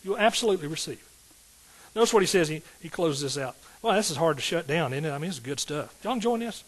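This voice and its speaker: A man's voice: on the high side, animated, fast talker, low-quality recording. A middle-aged man, a pastor preaching a sermon in an emphatic call-and-response style with rising outbursts.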